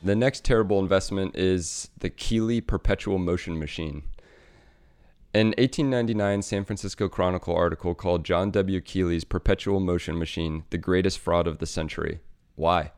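Deep smooth-voiced man narrating a script. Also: a little mellow, dry recording, studio quality. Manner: measured, wry storytelling. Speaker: segment presenter.

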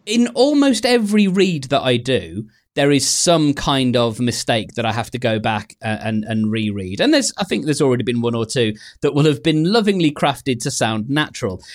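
A man hosting a podcast, mixing casual chat with read-aloud passages, who laughs easily and breaks up mid-read while wearing headphones at a studio mic. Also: on the high side. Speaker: podcast host.

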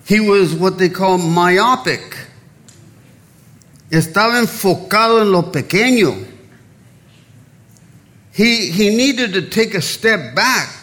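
Slow-paced bilingual pastor, fairly high voice. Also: male voice, sharp tone. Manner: switches between English and Spanish phrases; storytelling, acting out dialogue in the joke. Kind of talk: sermon with a told joke. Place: church.

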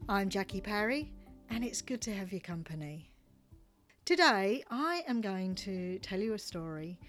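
An Australian woman hosting a podcast, reading a story aloud with a wry, relaxed touch. Her voice sits at a middling pitch. Faint music plays underneath. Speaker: podcast host.

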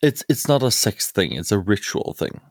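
A man playing a tabletop game in character, asking goofy questions in a deadpan way. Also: fairly low pitch, normal speed, no room sound, clean studio sound. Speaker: player.

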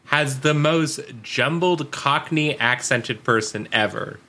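A man's voice: mid-range voice, slow pace. A man co-hosting a podcast, recapping a cartoon episode in casual, jokey chat and acting out lines. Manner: animated, jokey, acts out lines. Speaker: podcast co-host.

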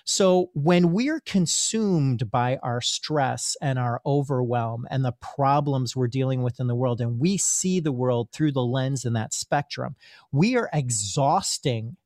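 A man who is a physician, telling a story as a guest in a casual conversation, animated and often repeating words as he gets his thoughts out. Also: medium pitch, measured pace, no room sound, studio quality.

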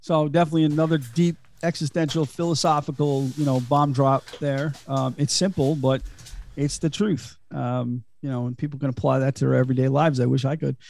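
A man's voice: mid-range voice, fairly even intonation, brisk, creaky, darkish tone, slight background noise. A man hosting a podcast, giving a casual, chatty film recap full of fillers and laughs. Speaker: podcast host.

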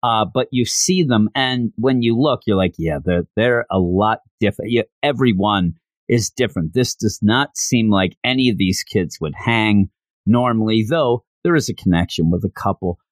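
A man's voice: lowish voice, moderate pace, no echo. A man casually recapping a story, chatty and joking with lots of fillers. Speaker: reviewer.

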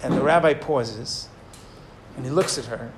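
A man teaching a Torah class, telling a story in an animated, digressive way and acting out the people in it. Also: medium pitch, unhurried, a little hiss or hum. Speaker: rabbi teaching.

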